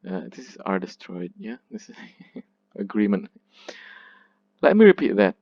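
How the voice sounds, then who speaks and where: A man lecturing on poetry, speaking deliberately, repeating and restarting his phrases as he explains. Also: lowish voice, very animated, darkish tone, slightly rough, no echo. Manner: slow, repeats words, restarts. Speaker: literature lecturer. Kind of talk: classroom lecture. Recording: muffled dry recording.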